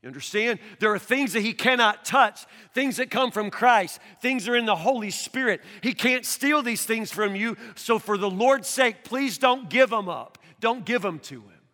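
A male pastor preaching an earnest sermon, repeating words as he presses his points and rising toward a shout. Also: very high voice, normal speed, few pauses. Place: church hall. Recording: long hall reverb.

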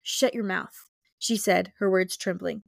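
A woman's voice: mid-range voice, steady tone, unhurried, creaky, dry recording, clean studio sound. A young woman co-hosting a book podcast, casually recapping chapters, reading passages aloud and acting out characters. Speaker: podcast co-host. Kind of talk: casual book-club chat.

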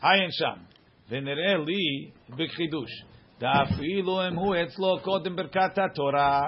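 A man teaching a religious law class, reading source text quickly and then explaining it casually to students, in a dull lo-fi recording. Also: on the high side, noisy background.

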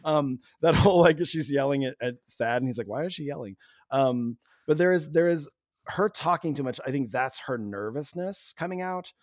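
A man's voice: fairly high pitch, animated, moderate pace, no room sound, clean studio sound. A man co-hosting a film podcast, telling stories with enthusiasm and mimicking people. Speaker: podcast co-host. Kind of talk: casual film discussion.

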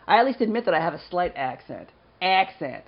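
A man's voice: sits high, sing-song, quick pace, husky, dull audio. A man co-hosting a podcast in casual, jokey chat, laughing often. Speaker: podcast co-host.

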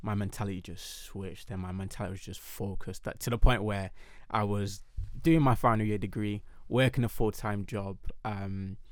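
A young man telling his story in a casual podcast chat, animated and emphatic. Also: fairly low pitch, moderate pace, no room sound, clean studio sound. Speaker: podcast guest.

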